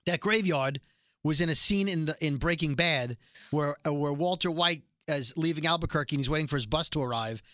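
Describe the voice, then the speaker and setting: A man casually recapping a TV episode, telling it in an animated way and acting out the characters' lines. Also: on the high side, fairly quick, dry recording, studio quality. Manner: animated storytelling, acts out quotes.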